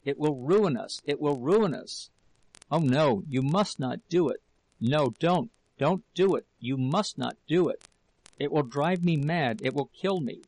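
A man voicing a desperate young woman who pleads tearfully with her husband, in a slow, gravelly reading. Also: mid-range voice, a little mellow, no echo, rough recording. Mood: pleading.

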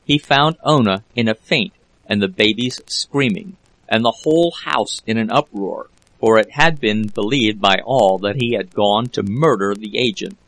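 A man narrating a classic novel as an audiobook reader, in a steady, measured way. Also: on the low side, poor audio. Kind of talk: scripted narration.

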